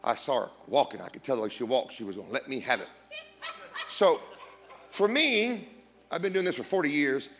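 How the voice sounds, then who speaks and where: A man's voice: moderate pace, pauses often. A middle-aged man preaching a storytelling sermon, joking and acting out dialogue. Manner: animated, jokey, acts out dialogue with big pitch swings. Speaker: guest preacher.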